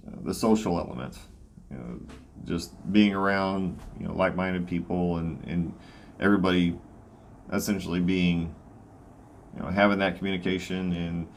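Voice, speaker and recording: A man with a Southern American accent, a guest in a casual chat, talking haltingly with many fillers. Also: low voice, creaky, slight background noise. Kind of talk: casual conversation.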